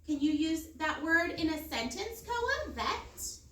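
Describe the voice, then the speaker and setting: A woman's voice: very high-pitched, lively intonation, measured pace, fairly bright tone. A woman teacher leading a phonics lesson for a young class, prompting in a sing-song way and praising often. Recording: echoey classroom, mic far off, noisy.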